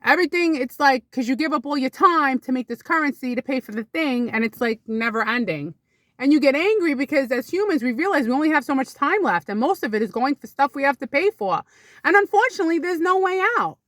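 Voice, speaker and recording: Chatty woman with lively high voice. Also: a little fast, dry recording, studio quality. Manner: chatty and rambling, with sudden high exclamations. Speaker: vlogger. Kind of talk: casual storytelling to camera.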